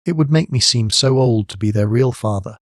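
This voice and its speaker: A man's voice: mid-range voice, a little fast, no room sound, clean studio sound, natural voice. A man reading the part of a carefree boy who turns frank and a little anxious, in an audiobook. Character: boyish lad, carefree, puzzled and anxious.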